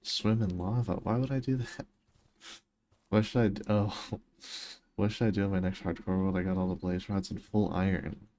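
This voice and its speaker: A man's voice: low-pitched, steady tone, moderate pace, warm tone, slight background noise. A young man casually chatting on a gaming livestream, reading his chat aloud and answering with joking, self-mocking remarks. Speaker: streamer.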